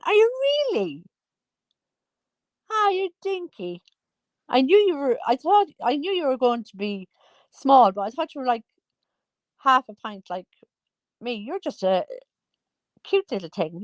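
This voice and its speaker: A woman's voice: sits high, very animated, unhurried, pauses often, dry recording. A woman in her forties giving casual, teasing gossip commentary as a vlogger. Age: 40s. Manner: chatty, teasing, sing-song asides.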